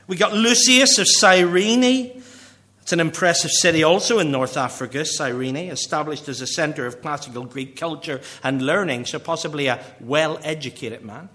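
A pastor from Northern Ireland preaches earnestly in his Northern Irish accent, his voice a touch high for a man. He slows right down to stress key words and often lets his phrase endings fade soft and quiet.

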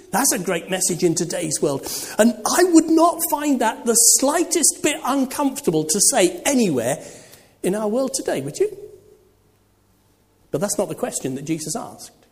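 A preacher giving a sermon, animated and full of rhetorical questions to the congregation. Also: high-pitched, fairly quick. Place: church. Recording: long reverb of a church.

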